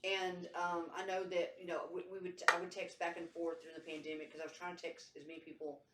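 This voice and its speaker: A woman's voice: lowish voice, flat delivery, fast talker, very noisy. A woman telling a story with lots of energy. She swears casually and jumps into exaggerated voices for the people she quotes. Her voice sounds a little far from the mic, in a roomy space. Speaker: podcast guest.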